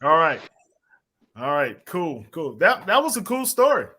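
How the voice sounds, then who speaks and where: A man hosts a sports podcast and briskly wraps up the segment as time runs out. His voice is bright and forward and sits a little high. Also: big pitch swings. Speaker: podcast host. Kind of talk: casual chat.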